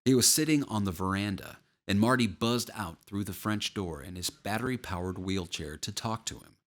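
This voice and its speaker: A man reading an audiobook with measured, steady storytelling. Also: lowish voice. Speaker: audiobook narrator. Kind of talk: scripted audiobook narration.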